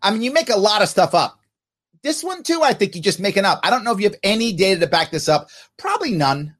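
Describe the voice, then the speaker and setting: A man's voice: high-pitched, very animated, fast, a bit bright, breathy edge. A man hosting a podcast, delivering mocking, sarcastic political commentary. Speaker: podcast host.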